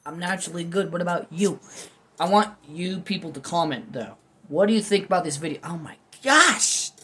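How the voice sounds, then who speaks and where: A man's voice: fairly high pitch, brisk. A man talking freely and without a script as he reviews food at home, wandering from topic to topic with candid, goofy asides. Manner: rambling, candid, self-deprecating, goofy asides. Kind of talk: unscripted casual commentary.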